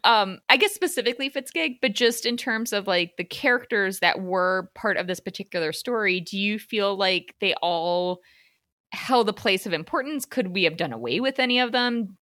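Lively bright-voiced woman host. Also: mid-range voice, normal speed, no room sound, studio quality. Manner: animated, chatty, many fillers. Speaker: podcast host. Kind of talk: casual film discussion.

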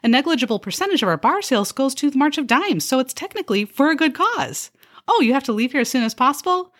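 A woman's voice: high voice, quick pace, voice pushed up. A woman doing a sarcastic bubbly waitress. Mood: sarcastic chirpy. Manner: bubbly upselling patter with deadpan jabs. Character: chirpy, sarcastic young female restaurant server. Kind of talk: comedy skit.

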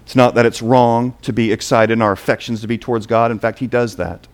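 A man preaching a sermon, moving between quiet asides and loud, emphatic points. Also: mid-range voice, flat delivery, a little fast, smooth.

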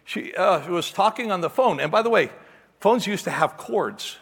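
A middle-aged man, a pastor, telling a lively personal story in a sermon and acting out the voices. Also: high voice, normal speed, breathy edge, in a large hall. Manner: animated storyteller, acts out voices, ends in quiet prayer.

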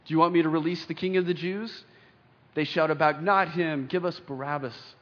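A young adult man preaching a sermon in a church, reading scripture aloud with earnest emphasis and pauses. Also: a little high, steady tone, a bit bright. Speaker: pastor. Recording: dull lo-fi sound with long hall reverb.

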